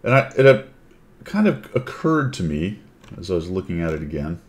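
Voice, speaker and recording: A man's voice: low voice, big pitch swings, normal speed. A man hosting a casual chat, rambling and thinking aloud. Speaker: host.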